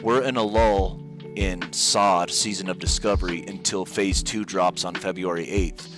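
Young man, gaming streamer, low voice, rambling jokey chat, gamer slang, music playing behind. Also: fairly even intonation, measured pace. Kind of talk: casual joking chat. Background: background music.

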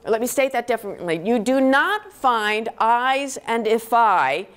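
Woman professor lecturing in a hall; a higher voice and slow deliberate pace, explaining patiently with "okay?" check-ins. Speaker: linguistics professor giving a lecture. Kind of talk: university lecture.

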